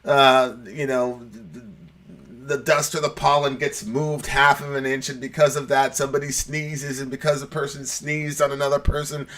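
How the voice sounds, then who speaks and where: A young man answers viewer questions in loose, casual talk, full of fillers and false starts. He tells stories with plenty of restarts and briefly acts out the people in them. His voice sits at an ordinary male pitch. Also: little pitch movement, moderate pace, a bit bright. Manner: rambling, many restarts and fillers; acts out quoted voices in the story. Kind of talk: casual chat, storytelling.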